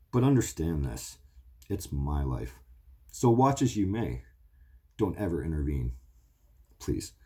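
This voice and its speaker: Forties guy swearing and rambling about his life, really low voice, dark and kinda husky. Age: 40s. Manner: blunt, profane, emotional. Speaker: show host. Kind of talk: rambling confessional monologue.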